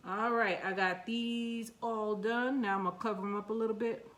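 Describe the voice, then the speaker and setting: A woman's voice: fairly high pitch, fairly even intonation, normal speed, a bit bright. Chatty woman with a New York accent. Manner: chatty, talks to herself and her seeds, playful. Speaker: gardening vlogger. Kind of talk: casual gardening vlog, talking while working.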